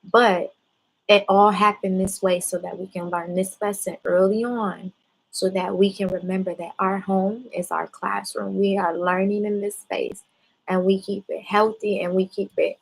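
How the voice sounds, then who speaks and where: A mother calmly talks her child through a mistake, guiding her with patient, measured questions while fighting back tears. Her voice is of ordinary female pitch, gravelly with a breathy edge, and the recording quality is low.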